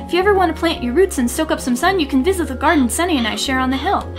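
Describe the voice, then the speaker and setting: A woman voicing a shy, gentle young woman gardener who speaks softly. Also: high voice, expressive, very fast, music in the background.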